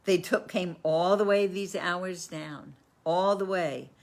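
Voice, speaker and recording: A woman teaching a class and telling a story in a lively way, with frequent restarts and laughs. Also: fairly low pitch, slow pace.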